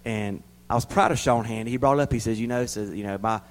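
A man preaching a sermon in a folksy way, repeating words for emphasis and swinging between loud emphatic bursts and quiet asides. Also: fairly low pitch, quick pace, poor audio.

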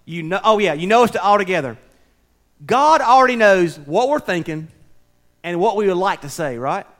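A man preaching a sermon, folksy and conversational, swinging between loud preaching and soft, near-whispered asides. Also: sits high, lively intonation, moderate pace. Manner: folksy, conversational, with slips and restarts. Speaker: pastor.

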